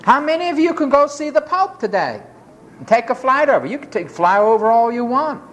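A preacher delivering a sermon in an emphatic, dramatic way, dropping to low murmurs and rising to high exclamations as she acts out the people in the story. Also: sing-song, brisk, slight background noise.

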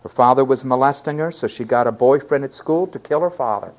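A man preaching a sermon, stressing key words loudly and then dropping to quiet asides. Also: medium pitch, fairly quick. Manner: emphatic, swinging between loud stresses and quiet asides.

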